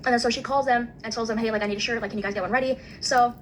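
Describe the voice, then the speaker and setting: A woman's voice: fairly high pitch, fairly even intonation, rapid-fire. A young woman telling an angry, profane story at speed, full of "like" and acted-out quotes. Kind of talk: casual storytelling rant. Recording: faint ambient noise.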